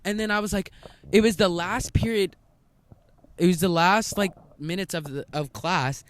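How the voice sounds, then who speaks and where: A woman's voice: on the low side, moderate pace, a little hiss or hum. A young woman co-hosting a casual podcast, telling a school story with lots of quoted dialogue and laughter. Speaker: podcast co-host. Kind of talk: casual chat.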